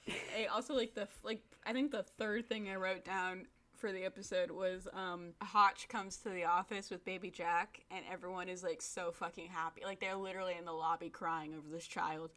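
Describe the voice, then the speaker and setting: A woman's voice: fairly low pitch, moderate pace. Laughing, profane woman podcast co-host. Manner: profane, laughing, animated retellings. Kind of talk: casual chat.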